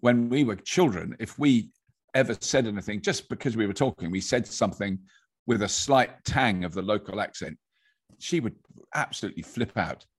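An English man talks casually as a podcast guest, spinning a story with plenty of restarts and quick laughs. His voice is low and husky, with a slightly breathy edge. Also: lively intonation. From England. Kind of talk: casual conversation.

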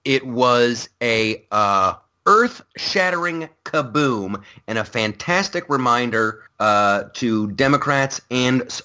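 Male comic host, punchy and sharp-edged, acts out other people's lines, casual rant energy. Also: medium pitch, lively intonation, slow, few pauses, highs cut off. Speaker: podcast host and stand-up comic. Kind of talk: casual political chat.

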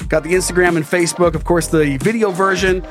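A man's voice: high voice, quick pace, over music. A man hosting a podcast, telling a story dramatically with swearing and laughs, in a casual chat style. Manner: animated, swearing, laughing at his own story. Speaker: podcast host.

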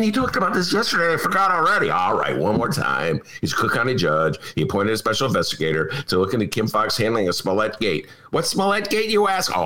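A man's voice: medium pitch, bright, forceful tone. A man hosting a talk show from his apartment, in a mock-outraged, theatrical manner that breaks into laughter at his own jokes. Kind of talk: comic casual monologue. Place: home apartment.

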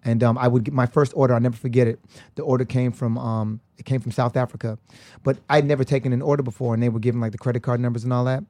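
A man's voice: medium pitch, fairly even intonation, quick pace, warm tone, no echo. A man guest on a podcast, telling stories casually, laughing often and acting out the voices of people he quotes. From United States. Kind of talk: casual storytelling.

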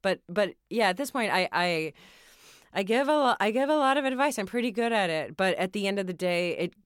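A woman's voice: medium pitch, expressive, a little fast, clean tone, dry recording. A woman in her thirties speaking as a podcast guest in a recording studio, talking frankly and self-deprecatingly, with frequent swearing. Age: 30s. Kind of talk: candid conversational interview.

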